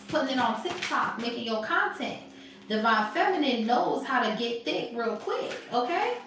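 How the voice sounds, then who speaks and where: A woman reads tarot live in a sassy, emphatic way. Her voice sits a little high. She sounds far from the mic in a very echoey room. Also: background noise. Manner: sassy, emphatic, laughing often. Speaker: tarot reader.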